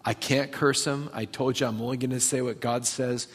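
A man's voice: medium pitch, flat delivery, moderate pace, slightly rough, big-room sound, lightly acted. A man playing a greedy ancient prophet who wheedles and bargains for money. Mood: scheming.

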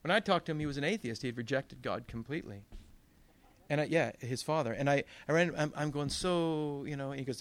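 A man's voice: mid-range voice, brisk, no echo. A man preaching a sermon as pastor, telling stories with quoted voices and emphatic rises. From Northern California.

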